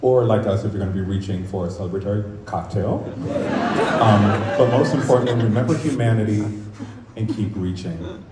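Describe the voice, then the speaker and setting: A man's voice: on the low side, fairly quick. A man giving a heartfelt, joking speech, fighting back emotion. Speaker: speech giver at opening night. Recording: very echoey, distant, noisy.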